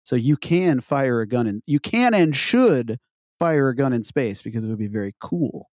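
A man with a mid-range voice co-hosts a casual podcast. He talks deliberately, with hesitant fillers, and stops to correct points. The recording sounds dry and close. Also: medium pitch, expressive, warm tone, dry recording. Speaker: podcast co-host. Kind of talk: casual political banter.

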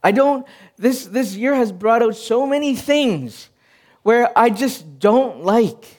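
Earnest high-voiced male pastor. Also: lively intonation, takes it slowly. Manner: earnest, personal storytelling with frequent restarts. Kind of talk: sermon.

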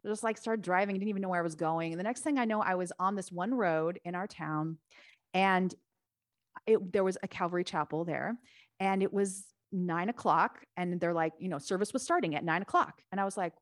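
A woman guest on a podcast talks through her own story in a lively, chatty way. Her voice sits on the low side, and she slips into other people's voices when she quotes them. The recording is close and dry. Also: a little fast, no echo. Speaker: podcast guest, author and Bible teacher. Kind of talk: casual storytelling.

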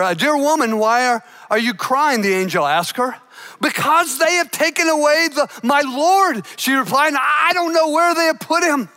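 A man preaching a sermon, retelling a story with dramatic shouted emphasis, playful asides and quiet, earnest stretches. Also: extremely high pitch. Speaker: pastor.

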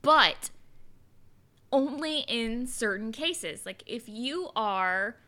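A woman's voice: fairly high pitch, lively intonation, drawn-out words, sharp tone. A woman from Texas, co-hosting a podcast in casual chat, rambling, swearing freely and saying "like" constantly. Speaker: podcast co-host.

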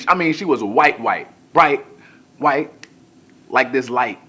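Mid-sermon, a pastor recounts a funny story from his own life in a husky, medium-pitched voice at normal speed. He's animated, going from hushed tones to shouting, and tosses casual asides to the congregation.

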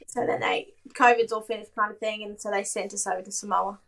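A woman's voice: medium pitch, steady tone, fairly quick, gravelly, a bit bright. A young Australian woman chatting as a podcast guest, telling stories with lots of laughter and acted-out quotes. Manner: chatty, laughs often, acts out quoted voices. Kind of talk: casual storytelling.

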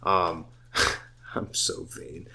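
Very low-voiced man, drunk-rambling casual talker, swears a lot. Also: flat delivery, very slow, a crowd in the background. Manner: profane, tipsy and rambling. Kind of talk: casual chat.

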